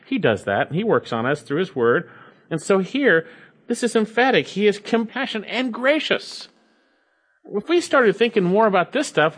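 A man preaching a sermon, reading scripture slowly and repeating key phrases with emphasis. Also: mid-range voice, fairly bright tone. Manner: reads scripture slowly and deliberately. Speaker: pastor.

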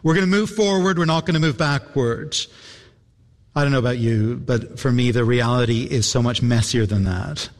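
A man preaching a sermon, earnest and reflective, repeating phrases and pausing for effect. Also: mid-range voice. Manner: earnest, reflective, with repetitions and dramatic pauses. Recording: long hall reverb.

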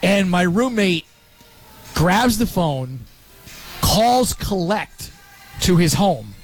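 A Pennsylvania sports radio host in his fifties tells stories in casual talk, tossing in animated, quick asides. His voice sits high, with soft music playing in the background.

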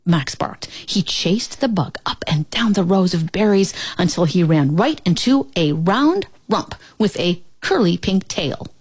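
A woman reads a children's storybook aloud, her voice low-set but rising and falling with lively swings of pitch. Her tone is soft and a little breathy, recorded close in a dry, dead room. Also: unhurried, hardly any pauses, no echo. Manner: expressive, animated storytelling. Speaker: storybook reader. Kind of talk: children's picture book read-aloud.

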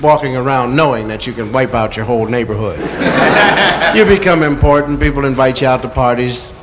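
A man doing a stand-up routine, playful and chuckling, with sudden shouted yells. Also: mid-range voice, moderate pace. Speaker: stand-up comedian. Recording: noisy live stand-up recording.

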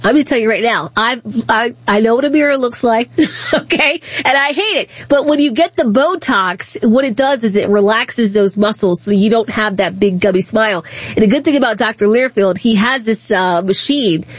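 A woman's voice: fairly high pitch, moderate pace, slightly rough, no echo. Chatty radio host woman. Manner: chatty, storytelling, laughs easily. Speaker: radio talk show host. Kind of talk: casual talk radio monologue. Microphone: studio microphone.

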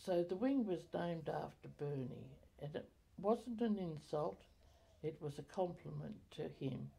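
An older woman recalling her community life in an oral history interview, halting with many fillers and self-corrections. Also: low-pitched, animated, gravelly, mellow, husky.

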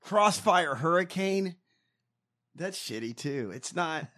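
A man's voice: fairly high pitch, expressive, takes it slowly, a bit bright. A man co-hosting a podcast, ranting and mocking in casual, profane political banter. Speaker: podcast co-host.

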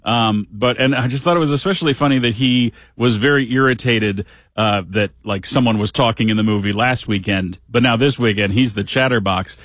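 A middle-aged man talks on the radio in a loose, rambling way, dropping deadpan jokes as he goes. His voice sits at an ordinary pitch, and the close mic sounds completely dry, with no room around it. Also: a little fast, no room sound. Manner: chatty, dry humor, acts out quotes in voices. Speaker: radio host. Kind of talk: casual monologue.

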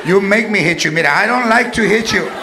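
A man's voice: sits high, brisk, noisy background, lightly acted. A man impersonating a strict, threatening Mexican mother who scolds her son, mixing in Spanish words, in a stand-up set. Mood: angry threatening. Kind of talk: stand-up impression. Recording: live club with loud crowd. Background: loud audience laughter.

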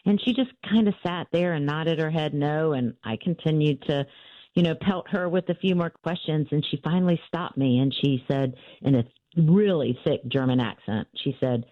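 A woman's voice: low voice, moderate pace, dry recording, muffled recording. Earnest woman author recounting family history. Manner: earnest, with frequent fillers and restarts. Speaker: author and interview guest. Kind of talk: personal storytelling in an interview.

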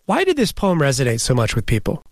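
A male news host interviewing a guest in a measured, conversational way. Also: mid-range voice, huge pitch swings, dry recording, clean studio sound.

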